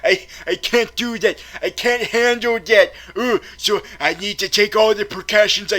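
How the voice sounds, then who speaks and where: A man's voice: high-pitched, moderate pace, hardly any pauses, bright, forceful tone. A man from Florida hosting a comedic film review skit, panicky and stammering as he rants.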